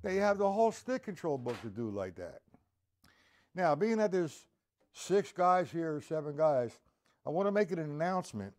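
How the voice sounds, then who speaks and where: In a sing-song, slightly high voice at normal speed, a man hosts a live-streamed drum lesson. He counts the beats aloud and checks in with his viewers, with a loud drum kit playing behind his voice.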